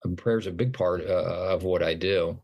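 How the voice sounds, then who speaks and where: A middle-aged man speaks with a fairly low voice as an interview guest. He tells his personal story earnestly, stopping and restarting his sentences and acting out the dialogue. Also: steady tone, moderate pace, a little mellow. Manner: earnest, retelling events with acted-out dialogue and frequent restarts. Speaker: podcast guest, motivational speaker.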